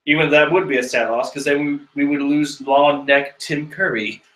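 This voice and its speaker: A man's voice: a little high, moderate pace, echoey room. A young man casually reading a comic chapter aloud and reacting with joking asides. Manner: animated, joking, chuckling asides. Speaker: comic reader and reviewer.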